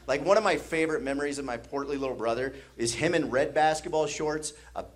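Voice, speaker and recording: A man's voice: a little high, quick pace. A man from the American Midwest doing stand-up comedy, telling a story with laughter and sound effects on a comedy stage.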